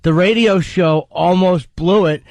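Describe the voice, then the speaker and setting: A male radio co-host tossing out quick, blunt opinions in casual talk show banter. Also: sits high, darkish tone, no echo.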